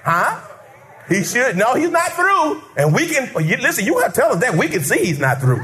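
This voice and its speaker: A male pastor preaching a sermon, animated and conversational, acting out quotes and calling out to the congregation. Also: extremely high pitch, normal speed, a little hiss or hum. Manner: animated, call-and-response preaching with acted-out quotes.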